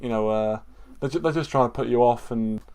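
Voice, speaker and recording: A man's voice: mid-range voice, fairly quick, a little mellow, clear, resonant tone. A man from England co-hosting a casual football stream, stammering on restarts, calling people mate and repeating his points. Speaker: football podcast co-host. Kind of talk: casual live-stream chat.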